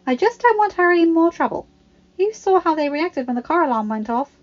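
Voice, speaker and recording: A woman voicing a bossy, know-it-all teenage girl witch who talks briskly and fussily. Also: very high voice, big pitch swings, voice pushed up. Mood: eager. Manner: brisk, eager, fussy. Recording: slightly dull home recording.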